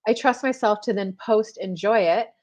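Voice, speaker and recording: A woman's voice: mid-range voice, moderate pace, a little mellow. A woman, a spiritual coach hosting a casual live show and chatting straight to her viewers with many fillers. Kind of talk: casual live-stream chat.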